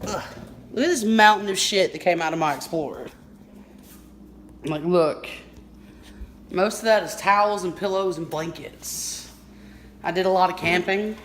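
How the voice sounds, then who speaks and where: A woman's voice: on the low side, measured pace, pauses often, a little hiss or hum. A young adult woman vlogging in a casual, profane, slangy way, filmed on a handheld phone outdoors by her car. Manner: laid-back, profane, slangy. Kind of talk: casual vlog chat.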